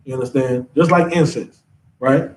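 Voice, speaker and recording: A man teaching a class in an animated lecture, ranting, constantly checking in with his listeners and tacking "man" onto his sentences. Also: medium pitch, moderate pace, far from the mic, a little hiss or hum, rough recording. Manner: ranting, keeps asking the audience, says "man" a lot.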